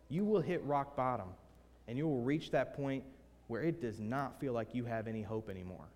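A young man preaching a sermon with a personal testimony and prayer, earnest and shifting from hushed to emphatic. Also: mid-range voice, moderate pace, in a large hall. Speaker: pastor. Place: church sanctuary.

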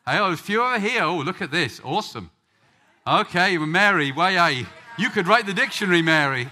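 A man's voice: sits high, lively intonation, fairly quick, pushed and bright. A man from England preaching a sermon, joking with the congregation before telling a story. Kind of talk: sermon with audience banter.

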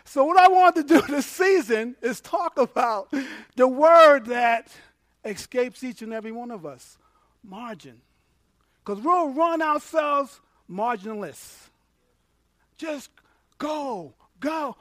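A man preaching a sermon as pastor, animated and laughing as he acts out little dialogues. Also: extremely high pitch, a little slow, no echo.

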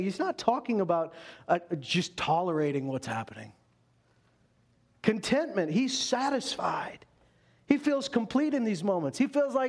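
A man's voice: sits high, big pitch swings, normal speed. A man preaching a sermon as pastor, earnest and repeating phrases for emphasis.

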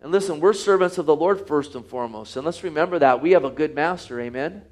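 A man's voice: on the high side, fast. A man preaching a sermon, reading scripture aloud and asking the listeners rhetorical questions. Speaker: pastor.

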